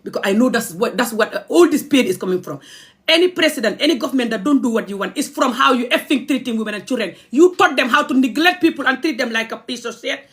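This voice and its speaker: A woman's voice: fairly high pitch, animated, fast talker, fairly bright tone. A young adult woman from the Gambia, ranting angrily on a livestream. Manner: impassioned, angry, confrontational. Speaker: vlogger. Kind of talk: livestream rant.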